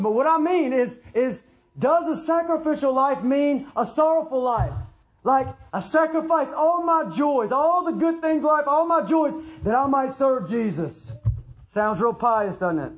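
A man with a strikingly high voice preaches a sermon. He drives points home by repeating phrases and putting rhetorical questions to his listeners. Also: rough recording. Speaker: pastor.

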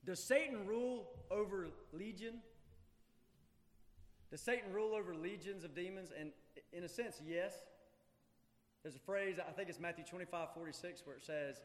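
High-voiced man preaching in a reverberant church. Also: normal speed, pauses often. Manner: emphatic, swings between loud urgency and hushed intensity. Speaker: pastor. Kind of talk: sermon. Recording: long hall reverb.

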